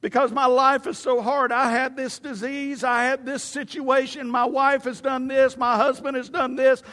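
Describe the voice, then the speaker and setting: Whiny, self-pitying churchgoer, mocked by a preacher, high and complaining, in a reverberant hall. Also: male voice, level tone, normal speed, a bit bright. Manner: whiny, mocking.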